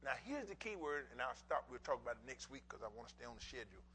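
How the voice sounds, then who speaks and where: A middle-aged male pastor preaching a sermon in folksy bursts, repeating words for emphasis and swinging from quiet asides to shouts. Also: medium pitch, big pitch swings, fast, slight background noise, low-quality recording.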